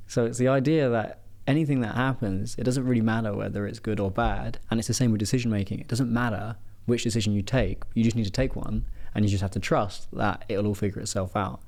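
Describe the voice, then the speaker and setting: A man hosting a casual podcast, an animated storyteller who acts out the voices of the people he quotes. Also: lowish voice, a little fast, hardly any pauses. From England. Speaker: podcast host and performance coach.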